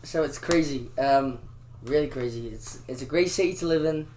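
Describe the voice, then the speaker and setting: A man's voice: medium pitch, normal speed, background noise. Chatty young Scouse man. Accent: Liverpool (Scouse). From Liverpool, England. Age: young adult. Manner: rambling, heavy use of "like". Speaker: guest. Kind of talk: casual interview chat.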